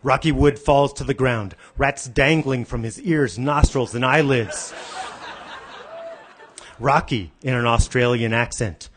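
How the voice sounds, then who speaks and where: Guy hosting an awards night, reads a silly screenplay bit totally deadpan from the stage. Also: mid-range voice, unhurried. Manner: deadpan screenplay-style narration. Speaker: awards emcee. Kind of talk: comic scripted reading to a live audience. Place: banquet hall stage.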